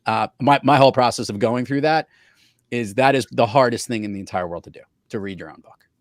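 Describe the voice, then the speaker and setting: A male podcast host and professional speaker, chatting in a loose, lively way that often slides into stories. His voice sits at an ordinary middle pitch, and the recording is close and dry with little room sound. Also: fairly quick, no room sound. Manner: lively anecdotal storyteller. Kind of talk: casual podcast chat.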